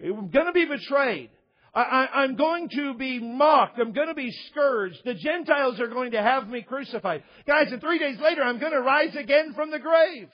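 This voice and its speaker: A man's voice: very high voice, expressive, moderate pace, slightly rough, highs cut off, voice pushed up, full character voice. A man declaiming as a resolute, emphatic male teacher.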